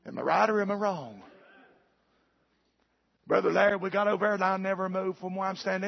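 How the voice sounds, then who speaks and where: Man, preacher, husky gravelly voice, high-pitched, folksy sermon, muffled recording. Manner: folksy storytelling that builds to shouted preaching. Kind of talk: storytelling sermon. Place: church.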